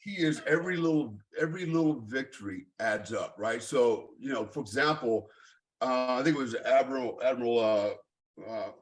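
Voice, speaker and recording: Middle-aged man, blunt storyteller, salty language, lots of ums, mid-pitched voice. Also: normal speed. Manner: blunt, swears freely, lots of fillers. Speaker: guest. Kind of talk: casual storytelling interview.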